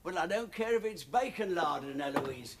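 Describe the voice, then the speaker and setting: A man's voice: on the high side, lively intonation, moderate pace, noisy background, natural voice. An actor playing a grumbling, lecturing older grandfather in a TV drama. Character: gruff older grandfather, fussing. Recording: TV soundtrack with music behind.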